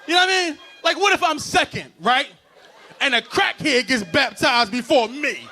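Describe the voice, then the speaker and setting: A man doing a stand-up comedy set, loud and animated, working the crowd between bits. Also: very high-pitched, normal speed, a little hiss or hum. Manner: loud, animated crowd work with frequent laughs. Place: stage before a live audience.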